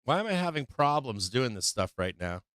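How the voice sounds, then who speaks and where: A man's voice: mid-range voice, big pitch swings, fairly quick, a bit bright, clear, resonant tone, dry recording, clean studio sound. A man hosting a live trading show in casual commentary, coaxing and teasing the chart, swearing and laughing often.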